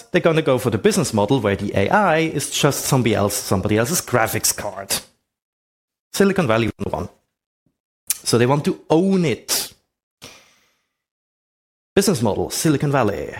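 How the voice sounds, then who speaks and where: Man with a lively, swooping voice. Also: mid-range voice. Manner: rhetorical questions, conversational. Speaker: presenter. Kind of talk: explanatory talk with slides.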